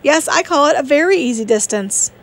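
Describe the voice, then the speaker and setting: A woman reading the part of a proud, reserved young gentleman in an audiobook, terse and formal. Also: high-pitched, quick pace.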